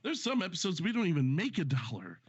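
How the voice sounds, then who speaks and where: A man's voice: a little high, huge pitch swings, fast talker, husky. A man hosting a live stream, chatting loosely and profanely with friends, his voice stuffy and strained from a sore throat. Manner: loose and profane, reading donations aloud. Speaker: host of a live stream show. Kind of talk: casual live-stream chat and game commentary. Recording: dry, dull lo-fi stream audio.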